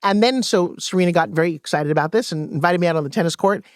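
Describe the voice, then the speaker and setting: A woman guest and sales coach, telling stories in an animated way and acting out quoted dialogue in a podcast interview. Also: on the low side, quick pace, no room sound, studio quality.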